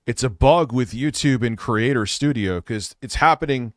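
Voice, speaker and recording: A man's voice: medium pitch, moderate pace, dry recording, studio quality. A man hosting a live stream, talking crudely and rambling with a lot of swearing. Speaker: livestream host. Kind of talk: casual live stream talk.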